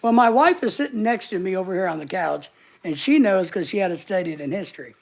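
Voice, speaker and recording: A man's voice: high voice, expressive, quick pace, vocal fry. A man hosting a casual livestream from his couch at home, joking around and reading viewer comments aloud. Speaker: livestream host. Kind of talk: casual live chat. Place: home living room couch.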